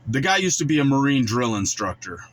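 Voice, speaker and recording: Man in his forties, blunt casual storyteller, mid-pitched voice. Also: very animated, fairly quick, poor audio. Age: 40s. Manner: blunt, colloquial, acts out quoted voices. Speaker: vlogger.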